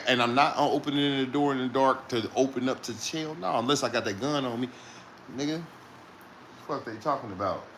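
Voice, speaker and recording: A man's voice: mid-range voice, fairly quick, fairly bright tone, slight background noise. A man who drives trucks, telling a rambling story in casual talk, swearing often and laughing between lines.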